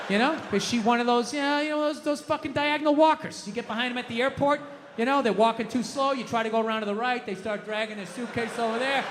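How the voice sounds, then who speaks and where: A male stand-up comedian ranting and swearing, swinging from low muttering to shouting. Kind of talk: stand-up routine. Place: comedy club stage. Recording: noisy stage recording with long reverb.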